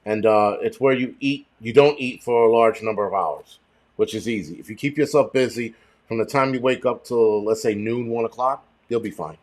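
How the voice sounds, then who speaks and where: A man hosting a casual livestream chat, rambling and swearing freely with animated outbursts. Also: medium pitch, moderate pace. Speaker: host.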